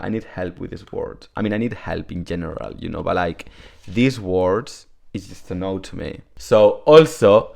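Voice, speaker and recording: Rambling low-voiced man. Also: gravelly. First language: Spanish. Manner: chatty, rambling, self-deprecating, filler-heavy. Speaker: Spanish teacher. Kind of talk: casual video lesson.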